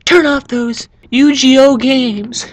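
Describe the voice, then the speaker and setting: A man imitating a strict mother nagging her kid to turn off the games, in a shrill falsetto-like voice. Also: fairly even intonation, takes it slowly. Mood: scolding.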